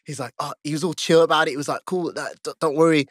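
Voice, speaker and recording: A man guest on a podcast, telling a story in casual chat, laughing often and jumping high in pitch as he acts out his own panic. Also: steady tone, fast talker, dry recording, studio quality. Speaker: podcast guest, stripper and fighter.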